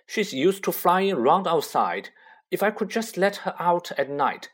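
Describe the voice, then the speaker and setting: A man's voice: high-pitched, sing-song, pitched above the performer's own voice, exaggerated voice. Man voicing an earnest, put-upon young boy. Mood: pleading. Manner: pleading, quick, irritable.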